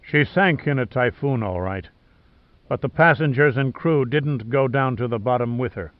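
A man voicing a dying old sea captain, gruff and stubborn, with a rasping, blunt, muttering delivery. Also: medium pitch, moderate pace, no echo, highs cut off, lightly acted.

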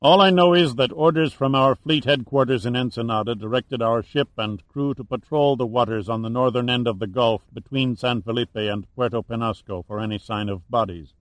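A man voicing a calm, commanding male patrol ship captain in an audiobook, speaking in a measured, matter-of-fact way. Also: mid-range voice, no echo, lightly acted.

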